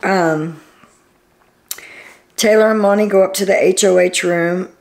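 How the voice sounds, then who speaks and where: Female recap host, slow and gravelly, chatty and opinionated, casual. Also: medium pitch, fairly even intonation, a little mellow. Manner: chatty, opinionated, loose retelling with fillers.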